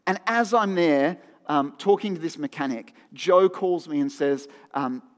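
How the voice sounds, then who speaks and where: Male preacher with a high voice, chatty and earnest, repeats lines for emphasis, recorded in a reverberant church hall. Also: measured pace. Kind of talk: sermon.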